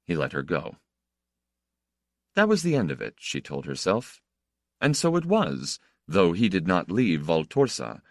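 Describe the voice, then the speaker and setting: A man reading a literary novel aloud as an audiobook narrator, expressive and measured. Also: low-pitched, dry recording, studio quality.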